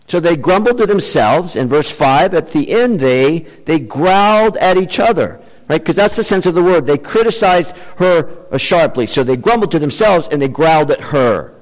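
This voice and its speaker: A man preaching a sermon in an animated, emphatic way, changing his pace for effect. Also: sits high, normal speed. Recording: long hall reverb.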